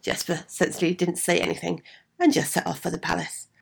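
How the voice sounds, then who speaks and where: A woman's voice: lowish voice, flat delivery, fairly quick, gravelly, slightly rough. Chatty woman reading a fairy tale. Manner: chatty asides to listeners. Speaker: storyteller. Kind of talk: fairy tale read aloud.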